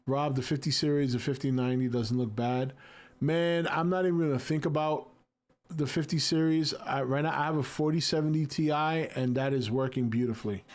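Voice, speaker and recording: A laid-back man in his forties chats casually on a livestream. He reads viewer comments aloud and answers them with easy jokes, at a middle pitch. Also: steady tone, moderate pace. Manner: laid-back, jokey, reacts to chat. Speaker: livestream host reading chat. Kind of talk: casual chat.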